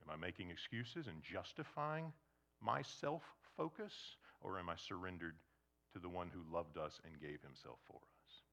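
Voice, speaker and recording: Male pastor, sermon: bright, lively delivery, leans in quietly for emphasis. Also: sits low, normal speed, vocal fry. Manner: conversational, animated, swings to soft intense emphasis. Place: church before a congregation.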